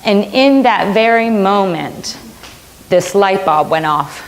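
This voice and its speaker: A woman's voice: mid-range voice, lively intonation, takes it slowly, a little hiss or hum. Middle-aged woman, minister, sermon, earnest personal storytelling, emphatic repeats.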